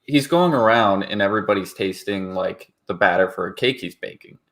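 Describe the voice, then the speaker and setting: Low-voiced man, blunt and wry. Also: brisk, a bit bright. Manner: blunt and wry, fills his talk with "like". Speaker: podcast co-host. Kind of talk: casual chat.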